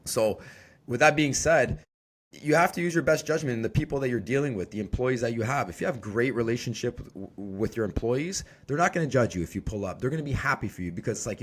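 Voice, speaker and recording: A man's voice: medium pitch, animated, fast talker. A man in his forties who co-owns a construction company, talking bluntly and casually on a podcast, cursing freely. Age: 40s. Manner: blunt, swears freely, restarts words.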